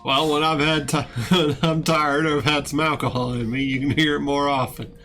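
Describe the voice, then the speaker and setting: A man's voice: a little high, fairly even intonation, moderate pace, bright, forceful tone, soft background music. A man from Texas chatting casually on a stream, laughing often. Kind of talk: casual chat.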